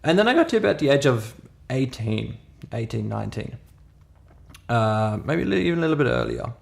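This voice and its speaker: A man's voice: medium pitch, very animated, a little fast, gravelly. A man in his thirties with a foreign accent, telling a story in a casual podcast conversation, emphatic with many restarts. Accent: foreign accent in English. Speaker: podcast co-host.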